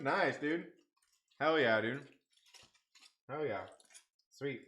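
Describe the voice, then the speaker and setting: Extremely slow and pausing often, a man with a medium-pitched, fairly bright voice hosts a casual late-night live stream. He comes from a half Mexican family and chats with viewers profanely, laughing while he eats.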